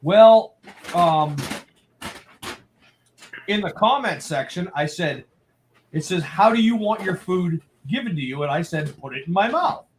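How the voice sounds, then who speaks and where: A man's voice: high-pitched, lively intonation, unhurried, long pauses, slight background noise. A man hosting a casual live talk show, telling a funny story with lots of laughter. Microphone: own mic at home.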